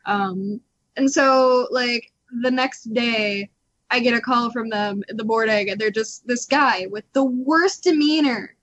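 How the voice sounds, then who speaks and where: Brief: woman podcast co-host, a bit high-pitched, lively storyteller who acts out quotes, muffled lo-fi sound. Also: a little slow. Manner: animated, laughs often, acts out quotes. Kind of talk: casual storytelling chat. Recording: dull lo-fi podcast audio.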